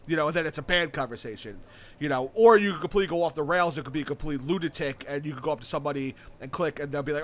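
A man's voice: fairly high pitch, racing. A young man in casual chat, rambling enthusiastically with lots of fillers, restarts and casual swearing. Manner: enthusiastic about a video game.

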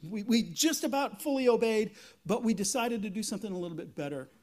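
A man voicing a smug, excuse-making middle-aged king, breezy and self-justifying in a higher register. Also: animated, fast, a little mellow.

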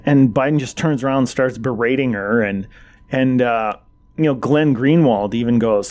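A man's voice: medium pitch, moderate pace, a little mellow. A man co-hosting a casual political chat, blunt, mocking and profane.

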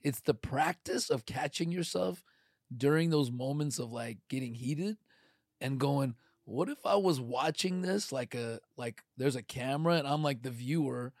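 A middle-aged man in casual podcast chat, animated and acting out quoted voices. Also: mid-range voice, measured pace, dry recording, studio quality.

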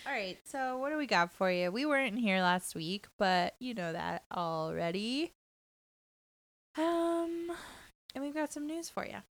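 A woman co-hosting a casual chat podcast, quipping playfully and agreeing quickly. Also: a little high, animated. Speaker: podcast co-host.

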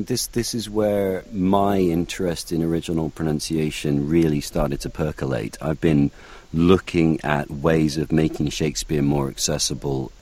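A man's voice: very deep voice, darkish tone, no echo. A man from North Wales, an actor, answering interview questions in a reflective manner, often restarting his phrases.

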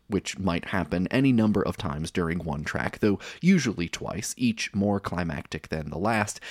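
A man in his thirties narrates a scripted podcast episode in a low, deep voice. His delivery is dry and wry, and he drifts into side anecdotes. The recording is close and dead, with no room sound. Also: dry recording. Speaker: podcast host.

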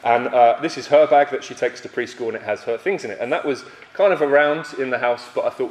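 A man's voice: mid-range voice, quick pace. Young male preacher, mid-range voice, self-deprecating storyteller who stumbles and restarts, recorded in a roomy hall with long reverb. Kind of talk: sermon.

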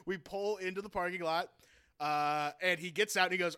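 A young man co-hosting a podcast, telling a story in a casual, animated way, swearing and laughing. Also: high voice, normal speed, clear, resonant tone. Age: young adult. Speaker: podcast co-host. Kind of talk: casual chat.

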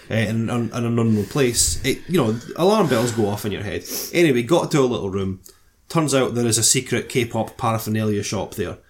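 A man's voice: medium pitch, slight background noise. A middle-aged man from Scotland with a Scottish accent, telling a story in casual, self-mocking, sweary podcast chat. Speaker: podcast co-host.

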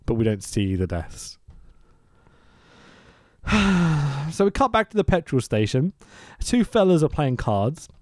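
A man hosting a casual podcast, recapping a film in an animated, sweary rant full of laughs. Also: medium pitch, a little slow, pauses often, no room sound, clean studio sound. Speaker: podcast host.

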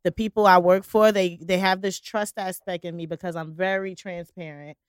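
A young woman with a lowish voice chats on a podcast, frank and emphatic. She tells stories and acts out her own lines. The recording is close and dry. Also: steady tone, moderate pace, smooth, no echo. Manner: frank, emphatic storyteller who quotes herself. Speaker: podcast co-host. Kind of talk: casual chat.

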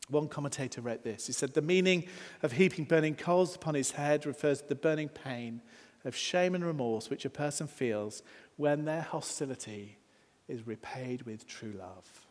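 Male pastor, sermon, earnest, rises then drops soft, slightly high voice, long church reverb. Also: moderate pace. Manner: earnest, builds emphasis with rising lines then drops soft.

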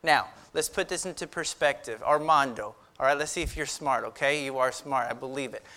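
A man's voice: medium pitch, brisk. A young man preaching to a youth group, quizzing the room, joking and building the story up dramatically. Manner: lively, asks the room, jokes and builds drama. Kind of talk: youth sermon with audience questions.

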